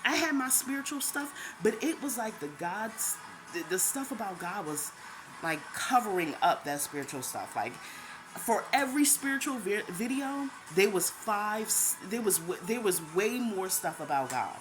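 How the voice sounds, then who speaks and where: A woman's voice: mid-range voice, big pitch swings, normal speed, noisy background. A woman telling her faith testimony as a casual, chatty personal story. She repeats herself often and laughs now and then. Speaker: vlogger sharing a faith testimony. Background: background music.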